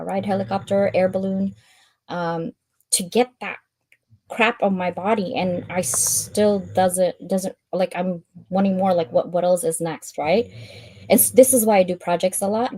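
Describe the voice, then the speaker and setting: A woman hosting a live stream, reading out a checklist and chatting in an animated way, laughing often and acting out her own thoughts. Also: on the low side, unhurried, no echo.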